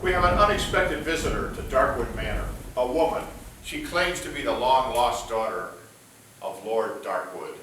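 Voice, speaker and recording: A man's voice: medium pitch, animated, normal speed, fairly bright tone, a little hiss or hum, lightly acted. A man playing a snide lawyer reading a will. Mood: formal. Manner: formal, snide. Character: smug, sharp-tongued lawyer and host of the manor. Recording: echoey room, mic at a distance.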